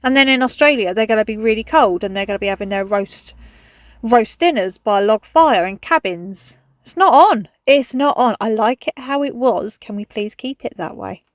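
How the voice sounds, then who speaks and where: A woman's voice: a little high, moderate pace, dry recording, studio quality. Chatty English woman, frank and rambling. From England. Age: 30s. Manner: rambling, frank and swears casually. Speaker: cleaning vlogger. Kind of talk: chatty voice-over while cleaning.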